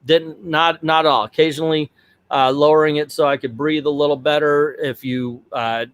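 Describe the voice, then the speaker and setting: A middle-aged man hosting a casual vlog, telling a personal story in a rambling, animated way. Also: fairly high pitch, moderate pace, clear, resonant tone. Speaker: vlog host.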